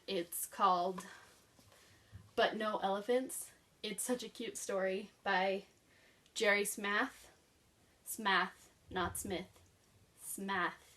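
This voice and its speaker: A woman chatting casually about her favorite childhood books, rambling and enthusiastic with lots of fillers. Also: mid-range voice. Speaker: book vlogger. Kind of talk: casual book review chat. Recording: voice picked up from a distance.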